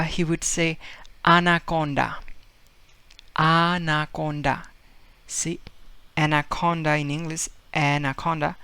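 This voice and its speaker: Gravelly-voiced man teaching a lesson. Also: fairly high pitch, sharp tone, no echo. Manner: explains with repetition and fillers, acts out example words. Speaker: Spanish teacher. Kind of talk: casual video lesson.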